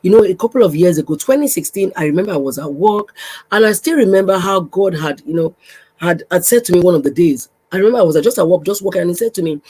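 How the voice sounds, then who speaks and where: A woman's voice: lowish voice, expressive, quick pace, husky, poor audio. A woman hosting a faith podcast, exhorting listeners with repeated, direct phrases. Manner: repetitive, exhorting, addresses listener warmly. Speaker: podcast host, pastor's wife.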